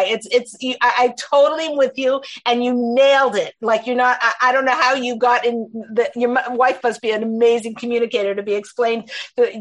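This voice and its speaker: A woman hosting a casual interview, asking long, rambling questions full of restarts. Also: on the high side. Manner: rambling, many restarts and fillers, excited. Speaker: host, interviewer.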